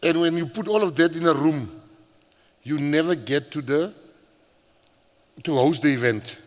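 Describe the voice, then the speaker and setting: A middle-aged South African man, a government minister, giving a public speech and telling stories in an animated way, laughing and shouting as he acts them out. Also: a little high, measured pace. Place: large hall at a public event. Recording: reverberant hall.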